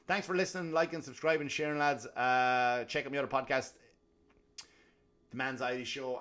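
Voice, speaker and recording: A man hosting a comedy podcast, ranting casually with lots of swearing and self-deprecating asides, dropping to low mutters and then rising into loud bursts. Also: expressive, moderate pace.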